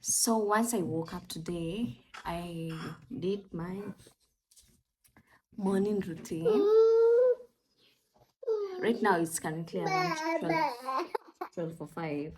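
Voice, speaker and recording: A woman's voice: on the low side, animated, takes it slowly, long pauses. A young woman, chatting casually in a vlog as a mother, mixing English with Swahili and cooing at her toddlers. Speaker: parenting vlogger and mother.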